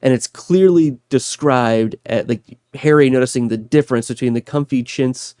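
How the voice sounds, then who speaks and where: A man's voice: medium pitch, moderate pace, darkish tone, smooth, no room sound, studio quality. A man co-hosting a book podcast in casual chat, thoughtful and laughing often. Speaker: podcast co-host.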